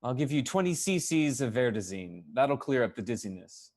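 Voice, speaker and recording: A man's voice: medium pitch, sing-song, normal speed, a little mellow. A man reading as a caring woman doctor. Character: calm woman ship's doctor, caring, observant. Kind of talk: amateur audio drama reading.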